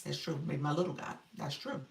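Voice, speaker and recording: A middle-aged woman coaching on a live stream reads viewers' comments aloud and laughs frequently in casual chat, while a child makes noise in the background at home. Her voice sits low, gravelly and brisk. The distant mic picks up a roomy sound with a little hiss or hum.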